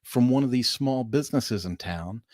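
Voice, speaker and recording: Animated middle-aged man, dry close sound. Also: mid-range voice, moderate pace, dry recording. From Southern California. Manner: animated storyteller addressing viewers as "folks". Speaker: livestream host. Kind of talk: casual livestream monologue.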